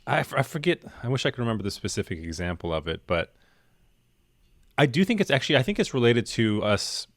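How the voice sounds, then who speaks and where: A man co-hosting a podcast in a casual chat, soft-spoken and supportive. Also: medium pitch, big pitch swings, fast, dry recording, studio quality. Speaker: podcast co-host.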